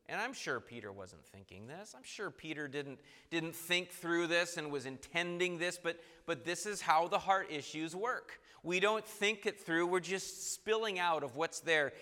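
Bright-voiced preacher in a reverberant hall. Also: male voice, a little high. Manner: acts out quoted voices, swings between soft and emphatic. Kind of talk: sermon.

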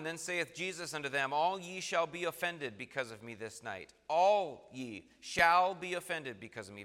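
A male preacher with a bright, forceful voice, reading verses in old-fashioned wording and hammering home each point. His words ring out with a long reverb, as if he stands in a large hall. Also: fairly high pitch. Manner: emphatic, rising and falling for stress. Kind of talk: sermon reading scripture aloud.

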